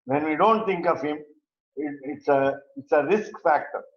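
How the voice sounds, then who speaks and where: A man teaching a verse-by-verse scripture class, speaking haltingly with many pauses and fillers. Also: fairly high pitch. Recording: roomy, dull lo-fi recording.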